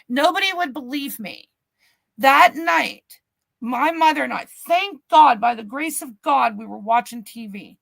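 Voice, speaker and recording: A middle-aged woman co-hosting a podcast, telling a family story in an animated, swearing way and acting out the quotes. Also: high-pitched, measured pace, creaky, no room sound. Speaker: podcast co-host. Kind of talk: casual storytelling chat. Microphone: podcast mic, remote stream.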